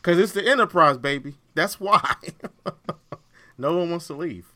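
A man co-hosting a podcast in casual chat, animated and laughing often, restarting his sentences as he goes. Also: on the high side, normal speed. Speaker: podcast co-host.

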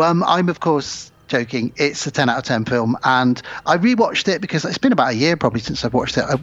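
A man's voice: medium pitch, no room sound, muffled recording. A man co-hosting a horror podcast, chatting casually and rambling with lots of fillers and restarts. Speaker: podcast co-host.

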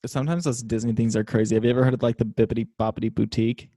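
A man's voice: mid-range voice, steady tone, rapid-fire, mellow, no room sound. A young man co-hosting a podcast, chatting in a playful, chatty way. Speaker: podcast co-host. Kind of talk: casual podcast chat.

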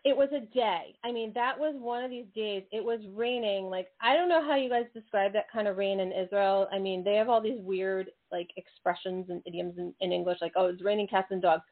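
A woman hosting an interview show, bubbly and quick to laugh, talking eagerly with her guest. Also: medium pitch. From United States. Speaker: host. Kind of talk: casual interview chat. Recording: tinny phone-like sound.

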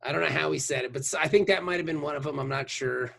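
A man with a slightly high, gravelly voice, talking loosely and jokily with friends on a podcast. He drifts between ideas and promises to follow up later. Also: quick pace. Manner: jokey, animated, trails off when unsure. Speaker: podcast co-host. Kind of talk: casual chat.

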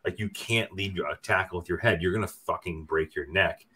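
A man's voice: low voice, fairly quick, sharp tone. A man who leads a club football team, speaking bluntly in casual chat, swearing freely and laughing often.

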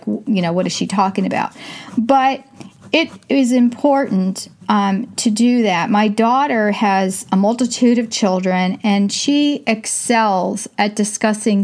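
An older woman hosting a casual advice talk, chatty and full of fillers, often speaking in quick bursts. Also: mid-range voice, a little mellow. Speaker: host.

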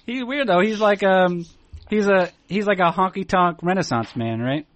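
Podcast host guy joking around, kinda high voice. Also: lively intonation, a bit bright, dry recording, muffled recording. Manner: jokey, quick banter. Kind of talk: casual chat.

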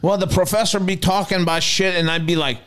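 A podcast co-host man who tells stories with plenty of cursing. He is an Armenian native speaker and keeps the banter lively. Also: sits high, fast, clean tone. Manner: swearing, animated storytelling. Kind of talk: casual stoned banter.

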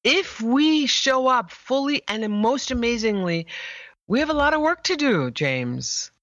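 A woman speaking as a guest, an image therapist telling an emphatic, animated story in conversation. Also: fairly high pitch, measured pace, no room sound, lo-fi sound. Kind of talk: conversational interview.

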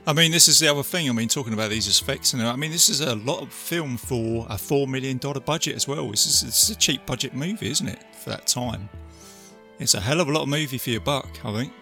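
Male co-host, bright forceful tone, tag-question habit, faint music behind. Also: mid-range voice, quick pace. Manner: ends remarks with tag questions, soft trailing delivery. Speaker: film podcast co-host. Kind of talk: casual film discussion.

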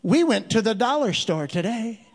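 A man voicing his sleepy, deadpan wife in a comic story, with flat, drowsy delivery. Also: sits high, normal speed, full character voice. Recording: long reverb of a large hall.

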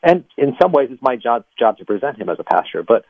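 A man, a former pastor, being interviewed on the radio and telling animated stories, laughing between lines. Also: mid-range voice, quick pace, creaky, no echo. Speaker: ministry guest, former pastor. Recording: dry tinny phone line.

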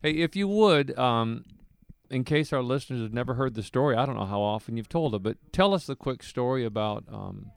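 A man's voice: medium pitch, animated, brisk, creaky, clear, resonant tone, no room sound. A man hosting a casual interview, upbeat and prompting, nudging his guest on. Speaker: podcast host.

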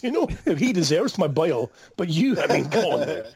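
A man's voice: fairly high pitch, sing-song, fairly quick, gravelly, few pauses, breathy edge. A man with a Scottish accent calling into a podcast from a mobile phone, teasing, mock-outraged and laughing often. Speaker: caller. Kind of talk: comedic call-in banter.

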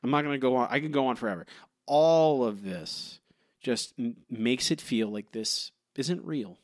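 A man co-hosting a podcast, ranting in an animated, incredulous way in casual chat. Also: mid-range voice, moderate pace, dry recording, clean studio sound. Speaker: podcast co-host.

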